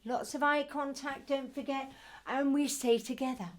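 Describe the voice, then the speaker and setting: A middle-aged early years music teacher demonstrates baby music activities, sounding gentle, playful, and sing-song. Her voice sits high and she speaks a little slowly.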